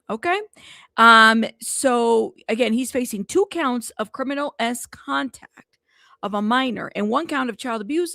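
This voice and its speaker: A woman's voice: fairly high pitch, creaky, fairly bright tone, no room sound, studio quality. A woman hosting a casual news livestream, chatting with her live chat and using a lot of fillers. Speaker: news show host.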